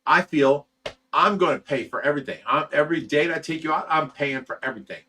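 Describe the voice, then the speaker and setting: A man's voice: on the high side, fast talker, bright, forceful tone, recorded from a distance. A man hosting a livestream, chatting casually and reading viewer comments in a blunt, rambling way, swearing freely. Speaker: livestream host reading chat.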